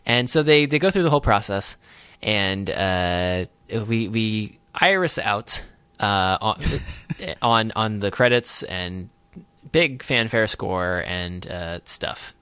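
A man's voice: fairly low pitch, animated, slow pace, bright, forceful tone, clear, resonant tone, no room sound. A man hosting a podcast, recapping a film in casual chat with wry, sarcastic asides. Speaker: podcast host.

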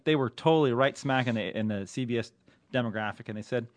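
A male podcast host spins a story in a loose, talkative way at a middling pitch. The sound is dry and close, with no room around it. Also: fast, dry recording. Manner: chatty storyteller, animated anecdotes. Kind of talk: casual podcast chat.

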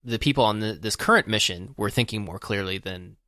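A man's voice: lowish voice, a little fast, bright, forceful tone, dry recording, studio quality. A man co-hosting a podcast, talking casually about a film with many fillers and restarts. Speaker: podcast co-host.

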